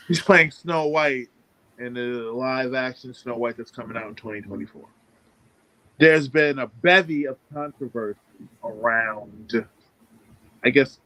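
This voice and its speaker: A man hosting a casual remote podcast interview, asking questions in a relaxed way with fillers and restarts. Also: medium pitch, low-quality recording. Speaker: podcast host. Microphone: podcast microphone over remote call.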